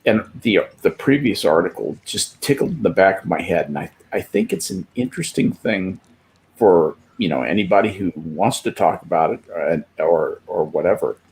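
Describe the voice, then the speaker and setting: Older man, halting and animated. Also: low-pitched, vocal fry. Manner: halting, with many restarts. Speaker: panel guest. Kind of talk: casual chat.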